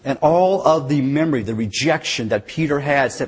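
A man's voice: medium pitch, moderate pace, slightly rough. A man preaching a sermon, telling the story earnestly and dramatically, with changing emphasis.

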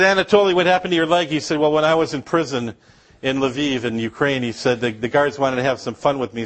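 A man's voice: mid-range voice, fairly bright tone. A middle-aged man from Upper Michigan, a missionary speaker telling humorous stories to a congregation with asides and laughs. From Upper Michigan, USA.

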